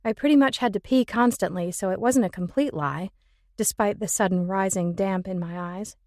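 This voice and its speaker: A woman's voice: mid-range voice, moderate pace, a little mellow, no echo, clean studio sound. A woman giving first-person scripted narration with wry, emotional, sardonic asides. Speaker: audiobook narrator.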